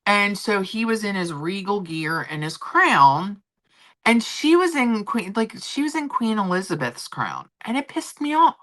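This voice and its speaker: On her livestream, the middle-aged host gossips casually about royals, opinionated and full of fillers and restarts. Her medium-pitched voice is sing-song, fairly bright, and a little slow.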